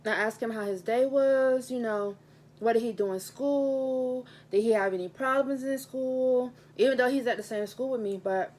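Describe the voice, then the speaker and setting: A woman's voice: a little high, moderate pace, a little mellow. Earnest woman teacher vlogging at home. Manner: earnest, heartfelt, repeats phrases for emphasis. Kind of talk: casual mukbang vlog talk. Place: table at home. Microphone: handheld camera mic.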